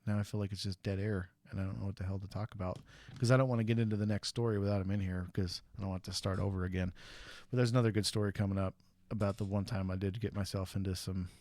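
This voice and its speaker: A man's voice: low voice, fast talker, no echo. Guy in his thirties telling old stories on a stream, does the voices, real dry mic. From USA. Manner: animated storyteller who acts out quotes. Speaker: stream host. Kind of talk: casual storytelling.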